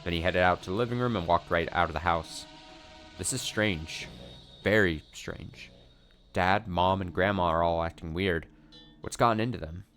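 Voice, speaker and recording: A man's voice: sits low, moderate pace, a bit bright, faint music behind. Een man met een zeer lage stem leest een visual novel voor, rustig en ernstig, met zachte muziek op de achtergrond. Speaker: let's play narrator. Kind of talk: reading a visual novel aloud.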